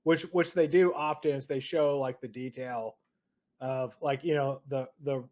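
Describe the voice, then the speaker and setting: A man's voice: medium pitch, unhurried. A man co-hosting a podcast, chatting casually and rambling about a movie. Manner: relaxed, rambling, compares film to video game. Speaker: podcast co-host.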